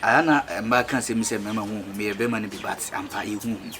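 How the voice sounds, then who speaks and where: A man's voice: on the low side, fast talker, noisy background, close to an everyday voice. Man playing a teasing Ghanaian busybody. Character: nosy man teasing two women teachers.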